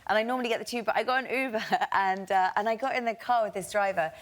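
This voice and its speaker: An actress guest on a TV talk show, telling a story in a chatty, giggly way. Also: female voice, medium pitch, fast. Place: TV studio with live audience.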